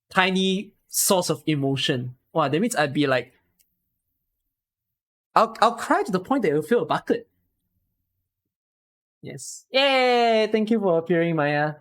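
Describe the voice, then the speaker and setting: A Singaporean woman with a Singaporean English accent chats casually with her live stream viewers, rambling and bursting into excited exclamations. Her voice sits low.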